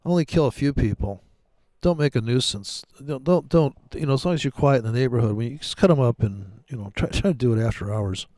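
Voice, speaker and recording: A man's voice: medium pitch, animated, brisk, darkish tone, no echo. Sarcastic rambling man, dry sound. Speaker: day trader streaming live. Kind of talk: rambling live trading commentary.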